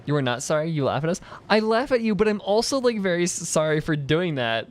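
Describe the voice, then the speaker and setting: A man's voice: on the high side, sing-song, fast. Rambling young man chatting while gaming. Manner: rambling, laughing, many fillers and restarts. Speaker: streamer. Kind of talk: casual chat while gaming, reading chat.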